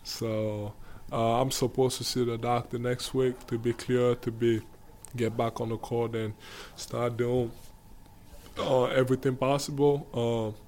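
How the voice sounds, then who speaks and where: A man with an African accent, answering interview questions casually and pausing often to find his words. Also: medium pitch, level tone, darkish tone, slight background noise. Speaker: guest basketball player.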